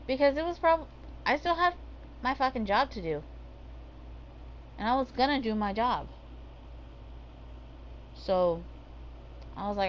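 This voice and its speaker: A woman's voice: sits high, expressive, moderate pace, long pauses, slight background noise, low-quality recording. A woman ranting casually about her day, swearing heavily and using lots of fillers. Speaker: gaming vlogger.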